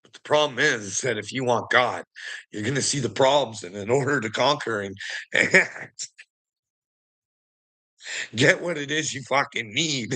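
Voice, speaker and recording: Male commentator, bright tone, mocking and profane, frequent laughter. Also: medium pitch. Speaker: online commentator. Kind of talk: casual rant.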